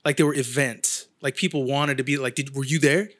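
A man's voice: medium pitch, steady tone, a little fast, a bit bright. A man in casual chat, telling a long story and acting out the people he quotes, swearing freely. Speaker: guest artist.

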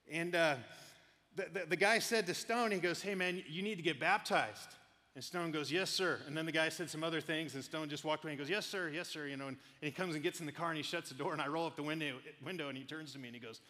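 A middle-aged pastor with a voice on the high side preaches a sermon, telling stories with animation and acting out the voices of the people in them. Long hall reverb colors the recording.

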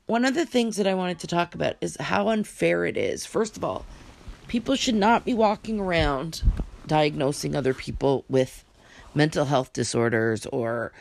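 A woman's voice: low-pitched, gravelly, dry recording. A woman ranting in a casual vlog, blunt and emphatic, who drops into whispered asides. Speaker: vlogger.

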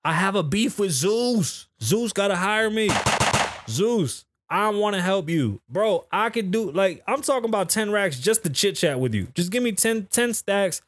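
A man's voice: high-pitched, lively intonation, unhurried, a bit bright, slight background noise. A man hosting his own podcast, rambling in a blunt, profane, casual way as he chats about pop culture and his city. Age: adult, calls himself too old for festivals. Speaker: podcast host. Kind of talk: casual solo podcast commentary. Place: home in Las Vegas.

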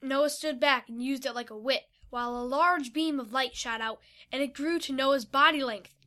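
A woman's voice: sits high, moderate pace, sharp tone. A woman reading a children's adventure story aloud as narrator. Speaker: story reader.

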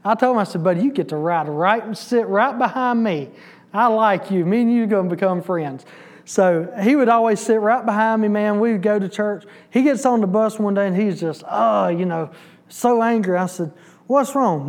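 A man's voice: sits high, moderate pace. A man giving a testimony in church, storytelling and acting out the dialogue. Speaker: church bus ministry volunteer giving testimony. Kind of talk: sermon testimony.

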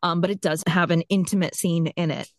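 A woman from South Florida hosting an interview, talking in a measured, thoughtful way. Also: on the low side, fairly even intonation, dry recording. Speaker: podcast host, interviewer. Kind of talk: casual interview chat.

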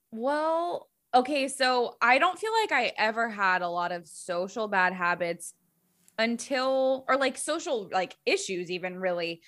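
A woman's voice: on the high side, fairly bright tone. A young married woman co-hosting a casual podcast, chatty and full of fillers, laughing often. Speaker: podcast co-host.

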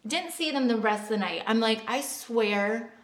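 A woman's voice: fairly high pitch, normal speed. A woman co-hosting a podcast, telling a personal story in a rambling, casual way full of fillers. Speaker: podcast co-host. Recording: echoey room.

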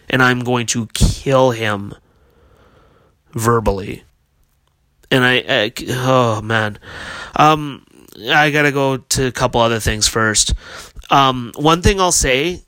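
A man's voice: mid-range voice, bright, forceful tone, clear, resonant tone, no room sound. A man hosting a hockey podcast, ranting in a heated, profane, casual way. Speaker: podcast host.

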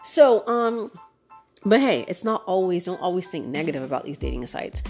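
Chatty woman host with lively asides. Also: fairly low pitch, moderate pace, faint music behind. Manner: chatty and animated, switching into voices for friends. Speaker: podcast host. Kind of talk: casual chat.

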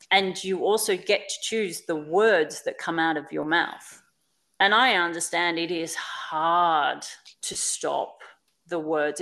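A woman's voice: fairly low pitch, creaky, a bit bright. A woman speaking on a podcast in a candid, earnest, reflective way, repeating phrases for emphasis. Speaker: podcast guest.

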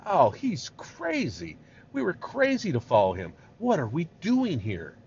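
Whiny, panicky Israelites moan and needle their leader in a raised, sarcastic voice as a preacher puts them on. The sound is dull and lo-fi, with a faint hiss under it. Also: male voice, mid-range voice, very animated, a little slow. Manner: sarcastic, complaining. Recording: dull lo-fi recording.

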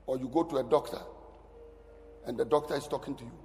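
Animated preacher in an echoing hall. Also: male voice, medium pitch, quick pace. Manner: animated preaching, sudden loud rises and drops to near whisper. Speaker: pastor. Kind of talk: sermon. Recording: long hall reverb.

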